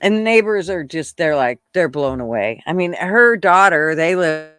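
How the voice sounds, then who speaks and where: A woman hosting a casual livestream, chatting excitedly and laughing often as she reads viewers' comments. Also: lowish voice, normal speed. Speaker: channel host reading live chat.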